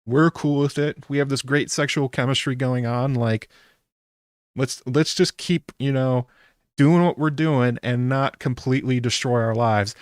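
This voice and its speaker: A man's voice: mid-range voice, dry recording, clean studio sound. A man hosting a casual solo aftershow, chatty and incredulous, laughing often and filling gaps with ums. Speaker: YouTube aftershow host. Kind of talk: casual solo reaction commentary.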